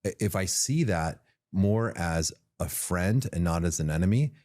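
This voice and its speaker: A man who is a podcast guest, telling stories in a casual interview, animated and often repeating words as he builds his point. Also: low-pitched, a little slow. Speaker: podcast guest, tea company founder.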